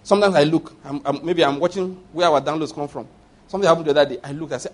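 A man preaching a sermon as a pastor, animated, repeating phrases and acting out prayers and dialogue. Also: a little high, rapid-fire. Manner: repeats phrases and asks the audience for agreement.

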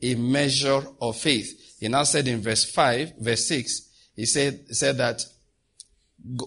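A man's voice: medium pitch, moderate pace, pushed and bright, slightly rough. A man preaching a sermon, reading scripture and leading the congregation in repeated declarations with emphatic delivery.

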